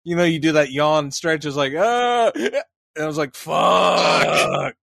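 A man's voice: fairly high pitch, flat delivery, quick pace, dry recording, studio quality. A man in his fifties with the hiccups, co-hosting a casual podcast chat, rambling and laughing. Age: 50s. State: has the hiccups. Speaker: podcast co-host.

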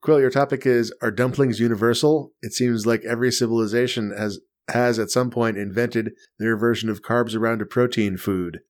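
A man's voice: mid-range voice, steady tone, normal speed, few pauses. A man with a mid-range voice hosting a casual podcast. He talks in a wry, joking way and laughs easily between his points. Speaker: podcast host. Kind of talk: casual chat.

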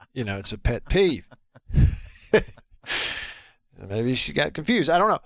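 A man's voice: medium pitch, very animated, takes it slowly, a bit bright, no room sound. A man hosting sports talk radio, reading listener texts in a chatty, teasing way.

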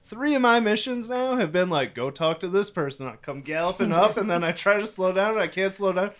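A man in a casual group chat, animated and ranting as he tells a story, swearing often. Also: sits high, a little fast.

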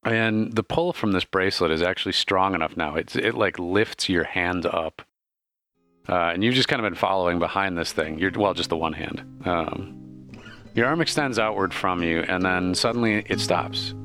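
A man narrating as game master of a tabletop game, relaxed and casual, with frequent fillers. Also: low-pitched, moderate pace, faint music behind.

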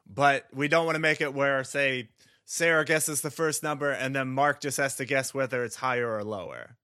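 A man's voice: mid-range voice, normal speed, bright, forceful tone, clear, resonant tone, no echo, studio quality. A young man hosting a casual podcast quiz, upbeat, reading questions and announcing scores with chuckles. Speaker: podcast host running a quiz.

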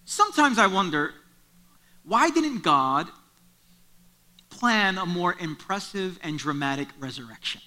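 A man's voice: high-pitched, very animated, unhurried, pauses often, pushed and bright. A man preaching a sermon, retelling a story in a conversational way and driving points home through repetition. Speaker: pastor.

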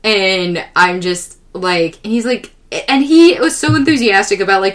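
A woman's voice: medium pitch, normal speed, hardly any pauses. Exasperated young woman podcast host. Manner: exasperated, profane, animated retelling. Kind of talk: casual comedic storytelling.

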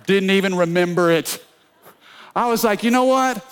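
Man, pastor, high voice, energetic sermon, call-and-response, humorous stories. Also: normal speed, clear, resonant tone. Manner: storytelling with humor.

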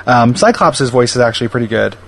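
A man co-hosting a podcast, chatting casually and wryly about a cartoon, tossing in quick imitations. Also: medium pitch, expressive, vocal fry. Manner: wry, quick asides with put-on character voices. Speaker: podcast co-host. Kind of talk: casual chat reviewing a cartoon.

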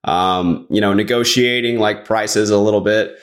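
A man's voice: on the low side, fairly even intonation, normal speed. A man chatting casually as a podcast guest, rambling along with lots of "like" fillers. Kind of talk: casual chat.

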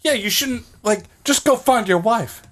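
A man's voice: very high-pitched, a little slow, a bit bright. A man co-hosting a comedy podcast, riffing crude jokes in casual chat. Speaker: podcast co-host.

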